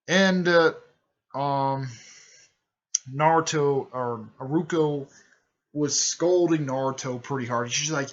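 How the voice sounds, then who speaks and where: A man rambles through a fan story in a casual, unscripted way, stumbling over names and correcting himself as he goes. His voice sits at an average pitch, and he pops into short, louder character impressions. The recording sounds dull and lo-fi, like a basic home setup. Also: measured pace. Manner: rambling, full of fillers and self-corrections; briefly raises his pitch to act out quoted lines.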